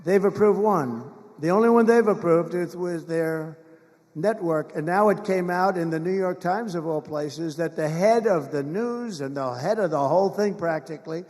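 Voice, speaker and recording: A man's voice: high voice, a little mellow. A man speaking as a political candidate in a rambling, boastful and mocking campaign rally speech, with repetitive asides to the crowd. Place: large rally venue. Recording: long reverb of a big rally hall.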